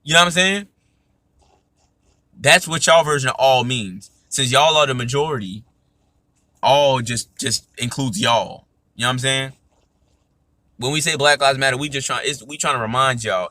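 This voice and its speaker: Emphatic man with a bright voice. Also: mid-range voice, normal speed, long pauses. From United States. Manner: emphatic, repeats "you know what I'm saying". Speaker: podcast host. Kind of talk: casual monologue.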